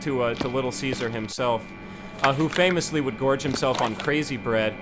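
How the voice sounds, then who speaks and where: A man's voice: mid-range voice, moderate pace, loud music behind the voice. A young man co-hosting a livestream, telling rambling absurd stories in casual comedy banter. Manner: rambling absurd storytelling, giggly. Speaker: livestream co-host. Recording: loud background noise from gameplay.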